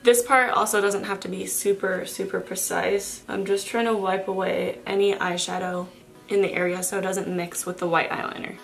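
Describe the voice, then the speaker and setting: A young woman with a cold, her voice raspy and nasal, talking through a makeup tutorial in a chatty, self-correcting way. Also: mid-range voice, level tone, moderate pace, faint music behind. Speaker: makeup vlogger.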